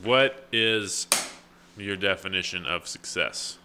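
A man hosting a casual podcast, teasing his guest in a dry, deadpan way. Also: deep voice, slow pace, slight background noise. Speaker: podcast host. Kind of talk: casual chat.

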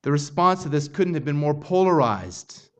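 A man's voice: on the high side, lively intonation, moderate pace. A man preaching an expository sermon, earnest and building intensity on quoted passages. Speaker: pastor.

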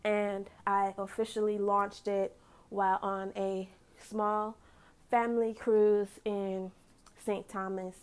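Chatty woman with a creaky voice. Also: medium pitch. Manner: chatty, gives shout-outs, laughs easily. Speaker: lash business owner and podcast host. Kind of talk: casual solo podcast talk.

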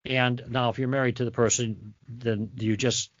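A man's voice: mid-range voice, steady tone, moderate pace, dry recording. Teacherly man on a dull dry line. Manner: teacherly, acts out sample dialogue. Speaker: guest author. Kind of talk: interview, explaining conversation tactics.

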